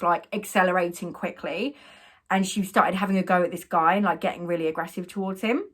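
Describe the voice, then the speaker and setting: A woman makeup artist, telling a story to camera, animated and quoting others in their voices. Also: medium pitch. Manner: animated, quotes people in their own voices, quick asides.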